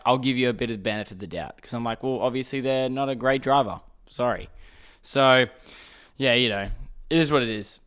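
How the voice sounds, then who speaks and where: Young Aussie male podcast host, mid-pitch, exasperated and sweary rant, loose casual delivery. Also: a bit bright. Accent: Australian. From Australia. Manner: swearing, exasperated ranting with restarts.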